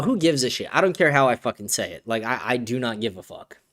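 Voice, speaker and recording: A man hosting a podcast in casual chat, excitable and profane, often laughing as he reads and answers viewer comments. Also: mid-range voice, fast. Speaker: podcast host.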